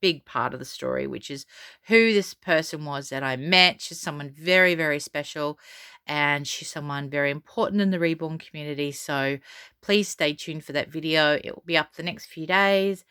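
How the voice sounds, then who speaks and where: Low-voiced, bright, crisp woman vlogger. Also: normal speed, dry recording, clean studio sound. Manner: chatty and rambling, many fillers and restarts; defiant, unbothered. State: frog in her throat. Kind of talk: casual storytelling vlog.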